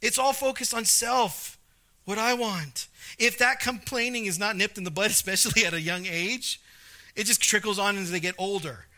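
A man's voice: sits high, moderate pace, pushed and bright. A man preaching a sermon as a pastor, conversational, often repeating words and acting out quotes in character.

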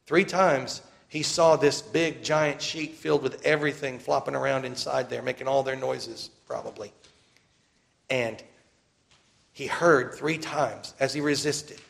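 Male preacher, mid-pitched and gravelly, earnest sermon delivery with slow emphatic repeats. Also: steady tone. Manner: earnest, emphatic repetition, slows down for key phrases. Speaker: pastor.

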